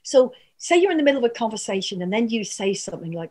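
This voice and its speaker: A woman's voice: mid-range voice, animated, fast, hardly any pauses, a little mellow. A woman communication trainer giving an earnest, coaching workshop talk. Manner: earnest, coaching, frequent asides and laughs.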